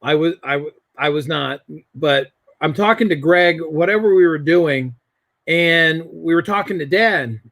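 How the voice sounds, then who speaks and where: A man's voice: a little high, unhurried, fairly bright tone, no echo. Rambling man telling a family story. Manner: rambling anecdotal storytelling with many restarts. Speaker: guest. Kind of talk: casual chat.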